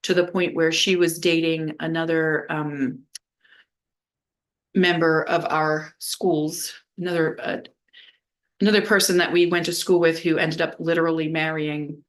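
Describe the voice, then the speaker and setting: A woman from New Orleans with a slightly low voice tells her own story straight to the camera. She rambles and leans on "like" constantly, and she swears bluntly when something matters to her. It sounds like unscripted vlog talk. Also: level tone, measured pace. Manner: rambling, heavy use of "like", blunt and profane. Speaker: vlogger. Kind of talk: candid personal storytelling.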